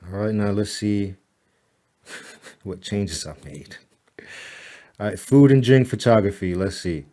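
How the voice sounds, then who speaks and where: A man records a casual screen tutorial to walk a client through editing a website. Chatty and relaxed, he keeps saying "all right" and "boom," occasionally laughs at himself, and talks under his breath to his slow computer.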